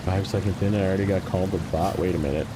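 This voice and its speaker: A man with a fairly low voice chats loosely through a live stream, joking with viewers and reading their messages aloud between laughs. Steady game engine noise rumbles clearly behind him. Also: rapid-fire. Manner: jokey, reads chat messages aloud and laughs easily. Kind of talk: casual live-stream chat while playing.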